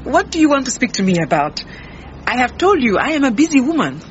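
A defensive, brusque head cook, slightly muffled radio-drama sound. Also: female voice, high voice, big pitch swings, fast talker, slight background noise. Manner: brusque, indignant.

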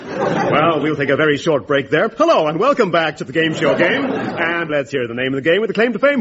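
Lively mock-formal announcer. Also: male voice, fairly high pitch, brisk. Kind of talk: comic radio sketch. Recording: dull old radio recording over loud music.

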